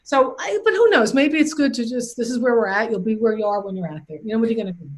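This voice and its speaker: A woman with a high voice talks earnestly in a casual comedy conversation. She is animated and reflective, and she draws on her years as a journalist. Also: fast talker.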